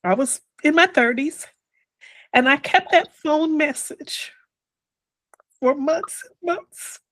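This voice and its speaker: An older interviewee with a high, slightly bright voice tells her personal story slowly and reflectively. Quoted words drop to a whisper, and the rough recording has no echo.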